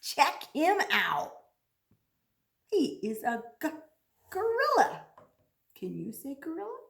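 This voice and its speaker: A woman teaching a children's speech lesson, encouraging and slowly over-articulating each prompt. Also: sits high, huge pitch swings, vocal fry, a bit bright. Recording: echoey room.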